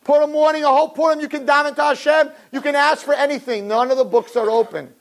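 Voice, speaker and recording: Man, high voice, impassioned sermon, swings from murmur to shouting, acts out characters. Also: fairly even intonation, fast, gravelly, rough recording. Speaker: religious teacher.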